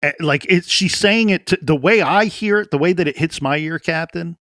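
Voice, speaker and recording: A man's voice: on the high side, moderate pace, a bit bright, no room sound, clean studio sound. Earnest man talking true crime. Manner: earnest, repeats words while thinking aloud. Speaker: podcast co-host. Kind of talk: true crime podcast discussion.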